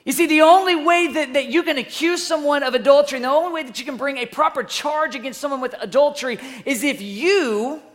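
A preacher telling a story in an energetic sermon, swinging between loud bursts and hushed asides and asking the listeners questions. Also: high voice, a little fast, hardly any pauses.

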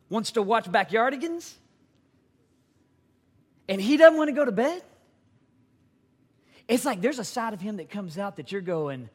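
Man, 30s, pastor, emphatic sermon, lively pitch. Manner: animated, emphatic preaching with acted-out quotes.

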